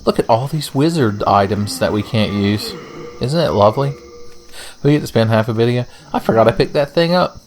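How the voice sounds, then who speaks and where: A man's voice: mid-range voice, animated, normal speed, soft background music. Profane joking young man playing a game. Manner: profane, joking, rambling asides. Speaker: gaming channel host. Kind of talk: casual let's-play commentary.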